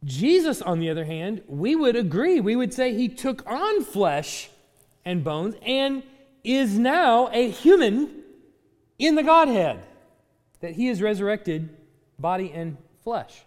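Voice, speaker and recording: A man teaching a class, speaking in an animated way, chuckling often and restarting his sentences. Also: high voice, slow pace. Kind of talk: class lecture. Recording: hall reverb.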